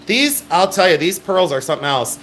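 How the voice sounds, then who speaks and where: A man's voice: high-pitched, very animated, a little fast, a bit bright, slight background noise. A middle-aged man hosting a live-stream jewelry sale, with chatty, emphatic sales patter.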